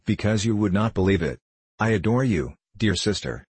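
A man with a husky voice reading a cheerful, easygoing young male painter in a light, teasing manner. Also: on the low side, expressive, moderate pace, dry recording.

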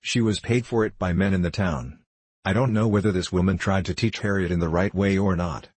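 A man reading an audiobook, voicing a patient mother who speaks in a measured, gently admonishing way. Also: low-pitched, steady tone, slightly rough, dry recording. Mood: grave.

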